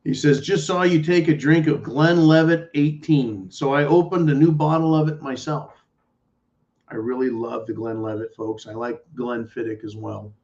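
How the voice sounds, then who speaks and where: A man hosting a live stream, reading viewer messages aloud and ranting bluntly and sarcastically, with profanity, swinging between low mutters and loud outbursts. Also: muffled recording. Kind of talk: casual political rant to a live chat.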